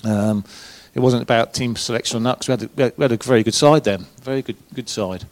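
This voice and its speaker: A man's voice: medium pitch, fairly even intonation, fast talker, no room sound. A former footballer, a man, telling colloquial, swearing anecdotes as a guest at a live event. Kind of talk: casual live storytelling. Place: event room with a live audience.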